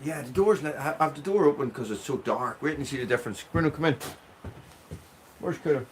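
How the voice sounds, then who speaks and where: A man's voice: medium pitch, expressive, fast talker, a little hiss or hum. An Irish man chatting casually on a live stream, greeting viewers by name from a small cabin with a wood stove. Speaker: livestream host.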